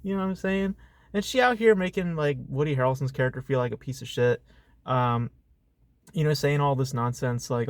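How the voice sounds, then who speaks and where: Male vlogger, mid-pitched voice, venting about a film with blunt profanity and irritation. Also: a little fast, no room sound. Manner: profane, exasperated, heavy on fillers and rhetorical asides. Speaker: film reviewer. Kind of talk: casual ranting movie review.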